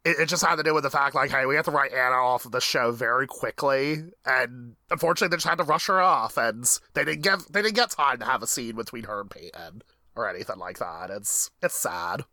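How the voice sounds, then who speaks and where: A young woman co-hosting a casual rewatch podcast, talking in an animated, rambling way with lots of fillers. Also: extremely low pitch, a little fast, no room sound. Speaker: podcast co-host.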